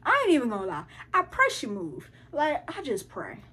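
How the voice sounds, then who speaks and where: A teenage girl telling a story in casual chat, animated and full of profanity and slang. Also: fairly high pitch, moderate pace, breathy edge. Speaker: vlogger.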